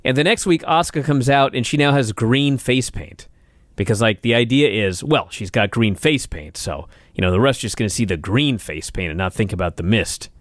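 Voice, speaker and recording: A man's voice: medium pitch, expressive, normal speed, dry recording, studio quality. A man co-hosting a podcast, giving a wry, running rundown of a wrestling show's segments in casual chat. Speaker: podcast co-host.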